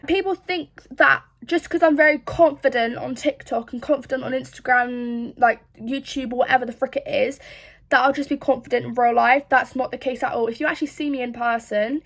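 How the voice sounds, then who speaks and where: A woman's voice: sits high, steady tone, fairly quick. A young woman from England, chatting frankly in a rambling, casual way and swearing often. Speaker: social media creator. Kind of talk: casual confessional chat.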